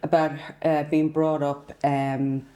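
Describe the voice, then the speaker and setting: Chatty woman with a lowish voice. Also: level tone, takes it slowly, mellow. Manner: chatty, laughing, storytelling. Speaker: podcast co-host. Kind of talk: casual chat.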